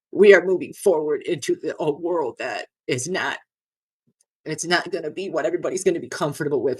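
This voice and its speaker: Middle-aged woman, low voice, exasperated vlog rant, curses and repeats, a bit choked up. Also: husky. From Nevada. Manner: exasperated, swearing, repeating herself. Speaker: vlogger. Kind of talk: frustrated rant to camera.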